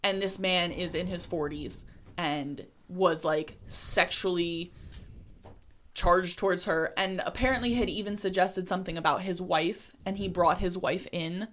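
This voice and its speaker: A woman body piercer co-hosting a casual podcast chat, telling stories with lively acted-out dialogue. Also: fairly low pitch, measured pace. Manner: animated storyteller acting out dialogue.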